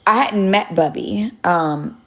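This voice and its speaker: A woman's voice: mid-range voice, takes it slowly, a bit bright. A young woman telling a rambling, candid story to her viewers on a phone live stream, swearing freely. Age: young adult.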